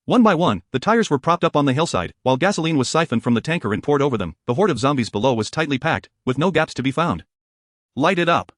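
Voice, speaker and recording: Brisk man narrating an audiobook. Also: medium pitch, expressive, no echo, clean studio sound.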